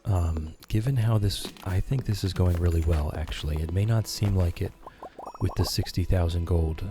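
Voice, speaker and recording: A man giving slow, soothing, soft-spoken commentary while playing a game for sleepy viewers. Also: low voice. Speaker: streamer. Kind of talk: calm gameplay commentary for sleep. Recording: background music.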